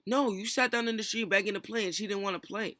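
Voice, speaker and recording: A young man streams his frustration in a heated callout vlog, piling up fillers and rhetorical questions. His voice sits high and bright, and the recording is close and dry with no room sound. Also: no echo. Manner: heated, rapid rant full of fillers.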